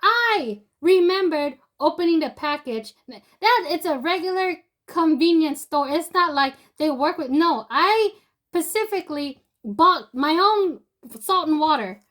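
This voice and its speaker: A woman's voice: very high voice, expressive, unhurried, a bit bright. A young woman telling a personal story in a loose, rambling way, full of fillers and restarts. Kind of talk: casual spoken storytelling.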